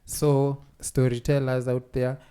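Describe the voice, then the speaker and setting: Relaxed man, mid-pitched voice. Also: slow pace. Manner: relaxed, lists events, fills gaps with "uh". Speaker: podcast co-host. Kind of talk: casual chat.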